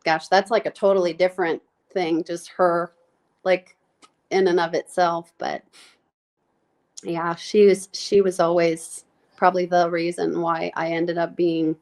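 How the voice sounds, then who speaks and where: A woman guest recounting her life in a podcast interview, her voice on the lower side. She speaks haltingly and with feeling, full of fillers and restarts, sounding close to tears. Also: flat delivery, a little mellow. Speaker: nurse practitioner guest. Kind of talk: candid personal interview.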